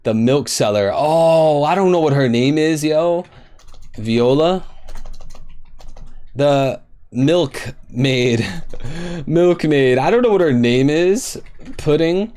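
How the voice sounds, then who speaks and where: A man's voice: a little high, expressive, a little slow, mellow. Frustrated young man streaming a quiz. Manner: frustrated, guessing aloud, swearing, addressing chat. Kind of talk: casual live-stream chat.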